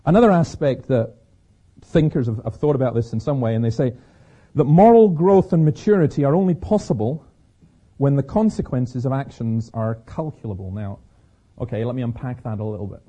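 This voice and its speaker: A Scottish man with a sore throat, giving a lively preaching talk on stage to an audience and telling stories with many restarts. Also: medium pitch, brisk, husky. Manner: lively storyteller, repeats words as he restarts. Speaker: speaker. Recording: slightly dull lo-fi recording.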